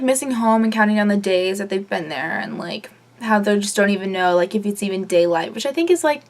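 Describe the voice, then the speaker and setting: A young woman vlogging a casual TV episode review, chatty and opinionated with lots of fillers. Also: medium pitch. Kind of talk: casual chat.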